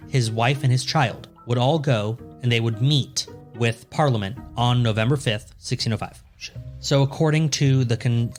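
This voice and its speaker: A man co-hosting a podcast, telling a history story in a loose, joking way and swearing freely. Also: mid-range voice. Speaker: podcast co-host. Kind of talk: casual storytelling chat.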